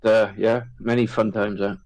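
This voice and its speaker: A man's voice: fairly low pitch, little pitch movement, moderate pace, darkish tone, rough recording. A man co-hosting a casual chat, loose and laughing, swearing freely as he reminisces.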